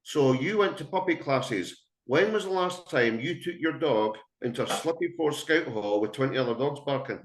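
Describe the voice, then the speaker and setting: A man's voice: medium pitch, expressive, normal speed, hardly any pauses. Guy, middle-aged dog trainer, blunt and straight-talking, mid voice, roomy echo. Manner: blunt, emphatic, anecdotal. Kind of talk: webinar talk to dog owners. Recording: echoey room.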